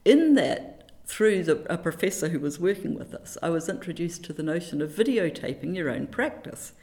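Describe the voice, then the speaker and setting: Woman, middle-aged, from New Zealand, somewhat low voice, animated, self-deprecating, quotes sayings, interview guest. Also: moderate pace. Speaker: interviewee, teacher educator. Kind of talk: reflective conversational interview.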